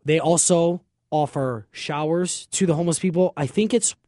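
A man's voice: fairly high pitch, moderate pace, dark tone, no room sound, clean studio sound. A man chatting casually, telling a long story with jokes and cleaned-up slang. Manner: chatty, joking, self-censoring slang.

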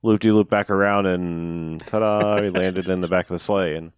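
A man co-hosting a podcast, casually retelling a movie plot with lots of fillers and quick voiced quotes. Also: low voice, steady tone, clear, resonant tone, no echo, studio quality. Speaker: podcast co-host. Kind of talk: casual chat recapping a movie.

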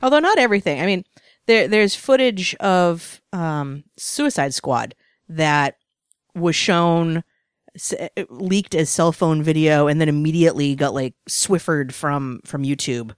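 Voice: medium pitch, a little slow, smooth, no room sound, clean studio sound. A podcast co-host chatting casually and swearing now and then.

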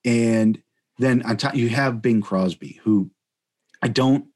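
A man's voice: medium pitch, slow, darkish tone. A man from Chicago hosting a casual podcast chat, rambling with many restarts. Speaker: podcast host.

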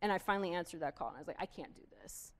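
A woman's voice: on the low side, animated, racing, a bit bright. Candid woman sharing a personal story. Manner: candid, self-deprecating, thinks aloud. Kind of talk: casual reflective chat.

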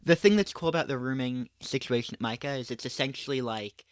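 A young man, a college student about to start school, co-hosting a podcast in relaxed casual chat. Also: mid-range voice, fast talker, dry recording. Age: young adult. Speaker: co-host.

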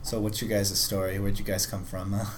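A man's voice: on the low side, little pitch movement, fairly quick, slight background noise. A man narrating as game master of a tabletop zombie game, rambling and stammering as he voices the people the players meet.

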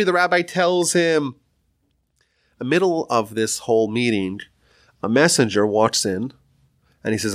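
A man giving a storytelling lecture on Jewish history, dramatic and animated. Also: medium pitch, measured pace, pauses often.

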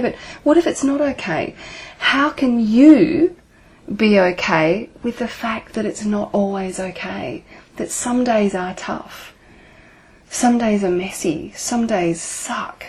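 A woman's voice: medium pitch, a little mellow, husky. A woman relationship coach talking to her listeners, asking earnest rhetorical questions and swearing now and then.

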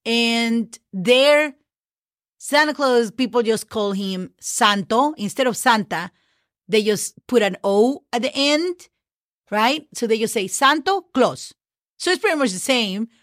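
A woman's voice: fairly high pitch, expressive, slow, fairly bright tone, no echo, studio quality. Mexican woman teaching Spanish words. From northern Mexico. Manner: spells words letter by letter, frequent okays and fillers. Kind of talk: casual podcast lesson.

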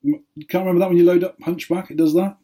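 A man hosting a playful quiz, teasing and deadpan. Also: high-pitched, very fast, slightly rough. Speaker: podcast co-host, quizmaster.

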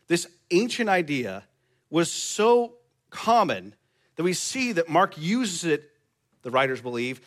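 A man's voice: fairly high pitch, fairly bright tone. A male pastor preaching a sermon in a church, conversational and joking with the congregation.

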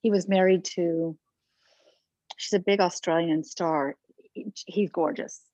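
A woman actress being interviewed, telling lively anecdotes and acting out what others said. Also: fairly low pitch, a little slow, no echo. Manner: animated, acts out quotes of others. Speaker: actress and guest. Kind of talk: casual anecdotal storytelling.

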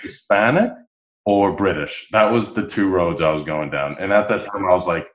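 A man with a deep, low-pitched voice tells stories as a guest in a casual interview. He talks with animation and acts out the voices of the people in his stories. The recording has a noticeable roomy echo. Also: normal speed. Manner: animated, acts out quoted dialogue. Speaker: podcast guest.

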